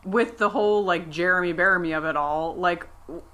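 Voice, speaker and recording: A woman's voice: lowish voice, a little fast, sharp tone. A woman co-hosting a podcast, chatting casually in a rambling way full of restarts and asides. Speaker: podcast co-host. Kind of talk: casual chat.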